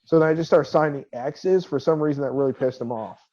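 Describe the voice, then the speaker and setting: A man's voice: fairly high pitch, fast, warm tone. A man with a slightly raised voice tells a story on a podcast in loose, casual chat, swearing freely and laughing as he acts out what others said. The audio sounds dull and lo-fi. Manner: profane, laughing, quotes people in his anecdote. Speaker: podcast co-host.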